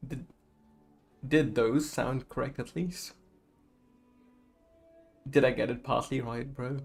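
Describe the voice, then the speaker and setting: A man's voice: mid-range voice, animated, measured pace, gravelly, pauses often, husky, soft background music. A man casually commenting while he plays a game, rambling and calling everyone "bro". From outside the game's country. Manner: laid-back, says "bro" a lot, rambling. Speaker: gaming streamer.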